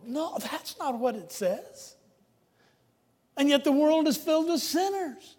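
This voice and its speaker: A man's voice: extremely high pitch, expressive, slow. Emphatic male preacher in an echoing hall. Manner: emphatic, dramatic swings between loud and hushed. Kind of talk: sermon. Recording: long reverb of a large hall.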